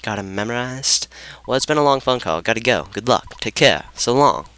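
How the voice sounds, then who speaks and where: A man's voice: medium pitch, lively intonation, moderate pace, sharp tone, smooth, pitched above the performer's own voice. A man voicing a chatty, eager boy on the phone in a put-on British accent.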